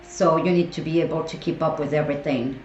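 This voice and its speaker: A woman's voice: low voice, fairly even intonation, fast, darkish tone, roomy sound, lo-fi sound, soft background music. A woman in her forties with a French accent, chatting playfully with her viewers on a stream. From France. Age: 40s. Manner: playful, teasing viewers by name. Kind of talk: casual chat with live chat.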